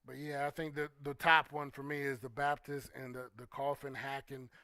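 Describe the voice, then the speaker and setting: A man hosting a relaxed livestream talk show who greets viewers and reads their comments, talking loosely with plenty of "you know" and "um". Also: mid-range voice, moderate pace, no echo. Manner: relaxed and conversational, with frequent "you know" and "um", trailing off quietly. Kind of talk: casual chat, reading and answering viewer comments.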